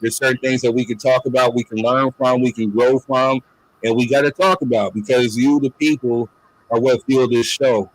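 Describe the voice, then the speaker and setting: A man's voice: mid-range voice, steady tone, normal speed, rough recording. A man hosting a casual talk show, speaking loosely and filling his lines with "you know what I'm saying.". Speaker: podcast host. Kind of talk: casual chat.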